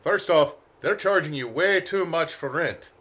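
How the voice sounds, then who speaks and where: A man's voice: on the high side, measured pace, fairly bright tone. A man voicing a tall, nosy out-of-town man with a thick put-on accent and a blunt, teasing manner.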